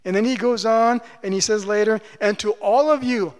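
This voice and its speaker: High-voiced preacher in a reverberant hall. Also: male voice. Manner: pleading, emphatic preaching with slow drawn-out phrases. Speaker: pastor. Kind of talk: sermon.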